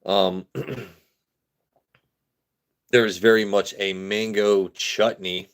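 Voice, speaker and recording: A man's voice: on the low side, fairly even intonation, extremely slow, smooth. An American man hosting a live stream, joking loosely with his chat and repeating himself as he reads comments. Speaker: livestream host reviewing whiskey.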